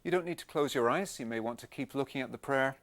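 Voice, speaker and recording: A man with a mid-range voice talks quickly as he delivers Christian teaching at a camp, keeping his tone simple and conversational and coaxing his audience softly.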